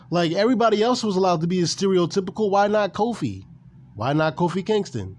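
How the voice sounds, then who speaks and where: A man's voice: sits high, animated, fast, a little mellow. A man ranting casually and with animation about wrestling, swearing and repeating himself. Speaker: gaming and wrestling commentator. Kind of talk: casual opinion rant.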